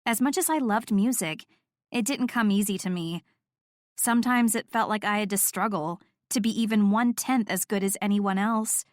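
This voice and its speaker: A woman's voice: mid-range voice, normal speed, no room sound, studio quality. Wry woman reading a romance audiobook. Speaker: audiobook narrator. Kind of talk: first-person romance narration.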